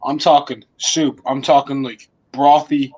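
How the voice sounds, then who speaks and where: A man's voice: mid-range voice, little pitch movement, measured pace, a little mellow, breathy edge. A man giving crude, emphatic advice in a casual chat on a livestream. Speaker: panel guest on a sports talk stream. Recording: dull lo-fi stream audio.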